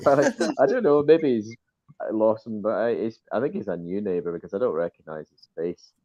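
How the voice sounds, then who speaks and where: A very deep-voiced man chats easily as a guest on a stream. His audio comes through muffled and dry, with a dull, lo-fi sound and no room behind it. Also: animated, normal speed, a little mellow, dry recording. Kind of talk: casual call chat.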